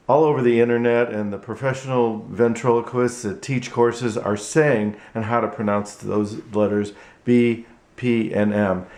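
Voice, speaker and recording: A man teaching ventriloquism in a tutorial vlog, halting and repetitive, with frequent restarts. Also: medium pitch, darkish tone. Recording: echoey room.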